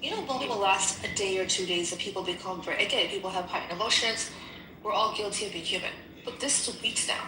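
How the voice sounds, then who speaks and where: A woman's voice: mid-range voice, fast talker, noisy background. A woman telling a story in casual chat, heated and profane. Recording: echoey room.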